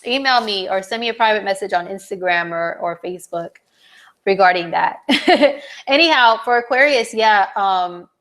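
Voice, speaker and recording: Chatty woman astrologer, a bit hoarse. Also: medium pitch, moderate pace, a bit bright. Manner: chatty, lots of "like" and "um", reads viewer comments aloud. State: slightly hoarse, clearing her throat. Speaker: astrologer hosting a live horoscope stream. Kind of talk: casual live-stream horoscope reading.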